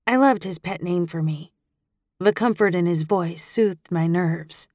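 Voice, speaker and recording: A woman reads a first-person audiobook in a lowish, expressive voice. Her delivery stays intimate and close. The recording is dry with no room sound. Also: a little slow, dry recording. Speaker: audiobook narrator.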